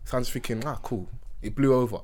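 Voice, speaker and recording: A young man with a London accent, telling animated stories in casual chat full of slang. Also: medium pitch, fast.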